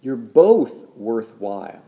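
A man preaching a sermon as a pastor, measured and deliberate, slowing down to stress key words. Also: medium pitch, very animated, vocal fry, mellow.

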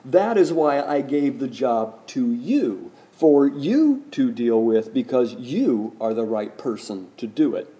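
A man's voice: mid-range voice, sing-song, slow pace, few pauses, dark tone, dull audio. A male pastor delivering a sermon, emphatic and questioning the congregation directly. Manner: emphatic preaching with rising, pointed questions.

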